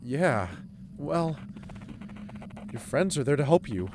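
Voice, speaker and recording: A man's voice: a little high, sing-song, takes it slowly, over music. A man streaming a game, reading his character's lines aloud and joking between them.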